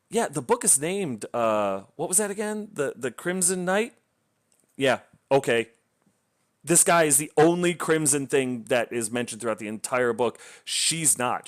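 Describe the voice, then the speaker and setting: A man's voice: mid-range voice, fairly bright tone. A man giving a casual book review rant, blunt and sarcastic, swearing freely in exasperation.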